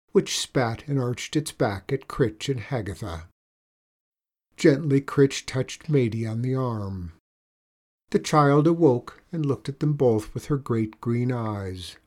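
A man narrating a children's storybook aloud in a slow, expressive way. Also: medium pitch. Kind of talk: storybook reading.

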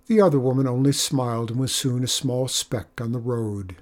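A storyteller reading a folk tale aloud in a measured, expressive way. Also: mid-range voice. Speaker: narrator. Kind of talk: storybook narration.

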